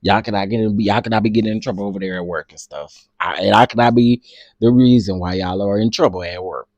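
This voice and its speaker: A man's voice: lowish voice, fast, darkish tone, dry recording, dull audio. A man hosting casual commentary, talking in a slangy, teasing way with features and frequent bursts of laughter. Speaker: commentary host.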